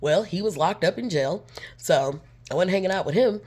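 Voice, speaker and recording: A young adult woman, chatty and animated, telling a personal story to her viewers and acting out the lines of the people in it. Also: fairly low pitch, moderate pace. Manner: animated, chatty, acts out quotes. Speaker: vlogger. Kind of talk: casual storytime.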